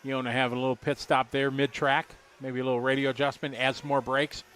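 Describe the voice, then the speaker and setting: A man's voice: mid-range voice, level tone, fast, a bit bright, clear, resonant tone. A middle-aged man doing live race commentary, chatty and rambling, joking with viewers.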